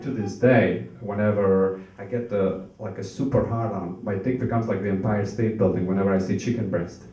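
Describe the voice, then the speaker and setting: A young man from Norway doing a stand-up set in a comedy club, nervous and halting with lots of fillers. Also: lowish voice, darkish tone, dull audio. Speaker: stand-up comic. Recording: echoey club, mic heard from far. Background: audience laughter.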